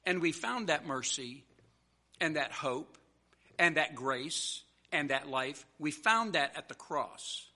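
Bright-voiced male pastor preaching. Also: on the high side, animated, slow. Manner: earnest, emphatic preaching with repeated call-and-answer lines; conversational storytelling with restarts. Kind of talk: sermon.

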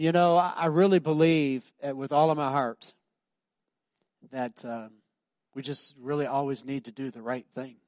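With a mid-range, darkish voice and no echo in the recording, a middle-aged pastor preaches in a church sanctuary. His sermon unfolds through conversational stories in which he acts out the voices of the people involved.

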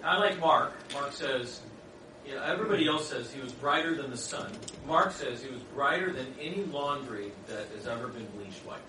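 A middle-aged man preaching a sermon, telling stories in an animated way and acting out the people in them. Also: mid-range voice, moderate pace. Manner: animated storytelling with laughs and acted voices. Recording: echoey room from far off, noisy.

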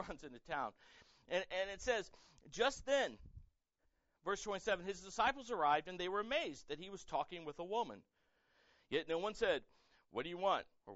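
Male pastor, high-pitched, dry and slightly dull sound, lively sermon delivery. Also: dry recording. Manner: animated, acts out quoted voices, rises to loud emphatic peaks.

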